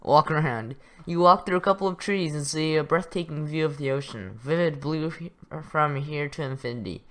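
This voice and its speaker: A man's voice: fairly high pitch, normal speed, hardly any pauses. Young male gaming YouTuber, chuckly casual read-through, trips on words. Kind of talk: reading a text game aloud with commentary.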